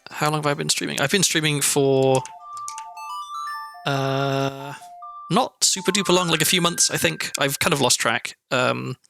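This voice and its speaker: A young man from South Wales speaks with a mild Welsh accent, his voice bright and edged with a gravelly fry. He chats casually over his gameplay in a meandering, self-deprecating way, with faint music underneath. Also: on the high side, steady tone, a little slow. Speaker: streamer.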